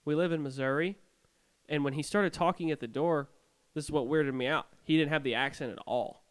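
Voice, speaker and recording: A young man co-hosting a podcast, telling his ghost stories in an animated way with sarcastic jokes. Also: fairly high pitch, fairly quick, smooth. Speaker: podcast co-host.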